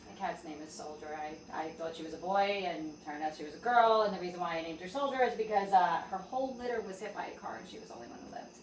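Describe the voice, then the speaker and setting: A woman's voice: lowish voice, quick pace, few pauses. A woman hosting a casual podcast, telling stories with energy and swearing freely. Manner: lively storyteller, swears freely. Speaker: podcast host and interviewer. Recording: roomy and distant with faint background noise.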